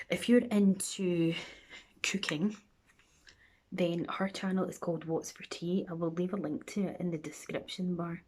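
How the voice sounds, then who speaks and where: A Scottish woman in her thirties talks through her makeup routine in a rambling, chatty way. Her voice sits a little low, and she often drifts down to a near whisper. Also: darkish tone. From Scotland. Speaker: makeup vlogger.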